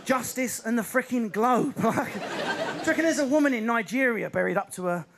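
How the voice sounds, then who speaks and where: High-voiced, restless Essex man doing stand-up. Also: gravelly, crowd noise, noisy background. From Essex, England. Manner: fast, restless, animated delivery with sudden put-on voices. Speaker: stand-up comedian. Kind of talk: stand-up comedy set. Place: theatre stage before a live audience.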